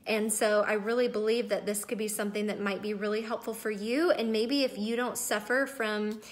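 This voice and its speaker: A woman's voice: medium pitch, fairly even intonation, moderate pace. A woman in her thirties hosting a casual live video, chatting to viewers, greeting them by name and sounding emotional and close to tears. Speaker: wellness livestream host.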